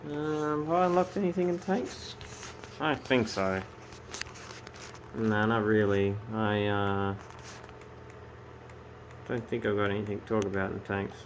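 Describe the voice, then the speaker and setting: A man's voice: on the low side, a little slow, pauses often, noisy background. A man ranting casually and swearing as he tells a story to camera. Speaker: vlogger.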